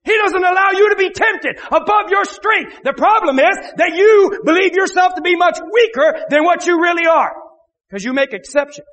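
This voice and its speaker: Very high-voiced shouting preacher man. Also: moderate pace, long reverb tail. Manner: impassioned, often shouting, repeats phrases. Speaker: pastor. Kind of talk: sermon.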